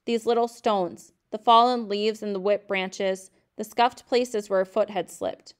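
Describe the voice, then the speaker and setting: A woman teacher reading a novel aloud to her class in a steady, measured narration. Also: medium pitch.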